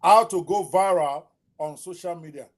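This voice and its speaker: A man's voice: high voice, moderate pace. A man hosting a podcast interview, speaking hesitantly with many "uh" fillers. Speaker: podcast host.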